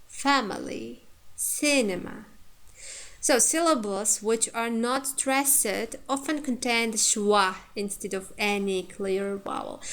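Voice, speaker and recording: A woman with an Uzbek accent giving a phonetics lesson, pausing often with "uh" and saying each example word twice. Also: mid-range voice. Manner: unhurried, many "uh" pauses, repeats example words. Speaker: English phonetics teacher. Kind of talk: online lecture.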